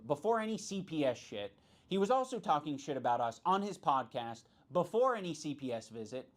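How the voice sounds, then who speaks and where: A man's voice: a little high, very animated, brisk. A man in a commentary video, speaking in an accusatory, sarcastic way.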